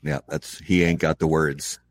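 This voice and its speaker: A man with a very low voice hosts a casual chat. He sounds easygoing and relaxed, and he keeps things moving with short, agreeable affirmations. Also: measured pace, no room sound. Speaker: host.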